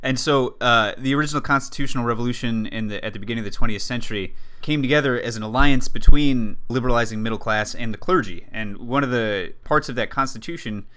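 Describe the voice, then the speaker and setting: Bright-voiced man explaining politics. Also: mid-range voice, quick pace, hardly any pauses, smooth. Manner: explanatory, many restarts and fillers. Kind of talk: casual political discussion.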